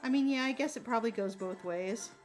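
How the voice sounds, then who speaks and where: Speaking briskly in a fairly high voice, a young adult streamer answers her chat warmly and sympathetically, rambling and leaning on plenty of fillers. Soft music sits in the background of the low-quality recording.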